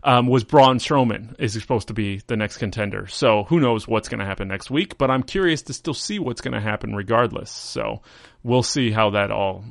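A man's voice: lowish voice, moderate pace, gravelly, no room sound, clean studio sound. A man hosting a podcast, chatting casually through a recap in a rambling, amused way and correcting himself as he goes. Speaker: podcast host. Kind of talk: casual wrestling recap chat.

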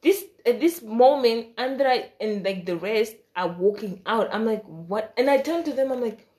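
A woman's voice: fairly high pitch, normal speed. A woman telling a story in a casual, chatty way, with slang, asides and laughter, acting out the voices of the people in her story. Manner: animated, acts out quoted dialogue with shifting voice.

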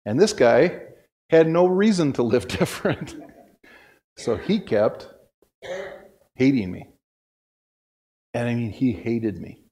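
A man's voice: medium pitch, darkish tone. A middle-aged male pastor giving a casual, storytelling sermon in a church, folksy and self-deprecating, often restarting his sentences. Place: church sanctuary.

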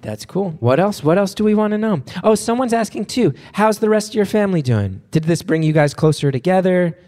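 At a live venue in front of an audience, a man with a high, animated, slightly mellow voice hosts a podcast at a brisk pace, with a long reverb tail. He's chatty and self-deprecating and often restarts his sentences.

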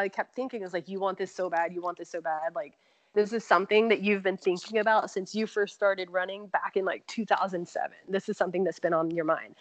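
A woman's voice: lowish voice, no room sound. A woman telling a personal story as an interview guest, laughing often and acting out what people said. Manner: animated, laughs often, acts out quotes. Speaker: marathon runner guest. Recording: dull lo-fi remote audio.

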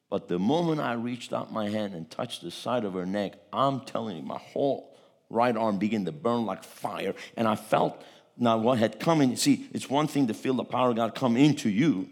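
A man preaching a testimony sermon, telling a story with repeated words and a voice that swells at its peaks. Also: medium pitch.

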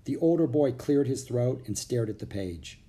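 A man narrating a children's chapter book, expressive, doing all the character voices. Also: mid-range voice, normal speed.

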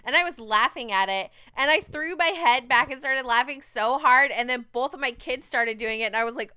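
A woman's voice: high voice, expressive, normal speed, sharp tone, smooth, no room sound. A woman co-hosting a podcast, telling self-mocking stories with lots of giggling. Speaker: podcast co-host. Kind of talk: casual chat.

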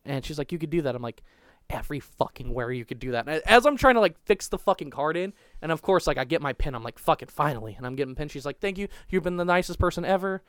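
A young man chatting in a crude, profane podcast ramble, hurrying through his stories and stumbling over restarts. His voice is clean and smooth. The recording is dry and close, with no room sound. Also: a little high, animated, fast talker, a bit bright, no echo. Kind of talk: crude casual storytelling.

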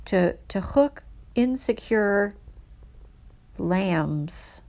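A woman narrating history from her notes in a casual, earnest way, emphatic and halting with many restarts. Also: medium pitch, expressive, a little mellow.

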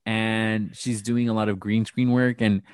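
Sassy low-voiced man gossiping. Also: level tone, unhurried, clear, resonant tone, dry recording, clean studio sound. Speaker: podcast host. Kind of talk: casual chat recapping a TV show.

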